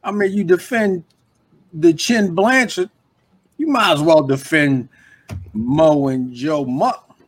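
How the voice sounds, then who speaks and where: A man's voice: fairly high pitch, slow, long pauses, husky. A man co-hosting a live podcast, ranting bluntly with heavy profanity in casual chat. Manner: blunt, profane, emphatic rants. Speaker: podcast co-host.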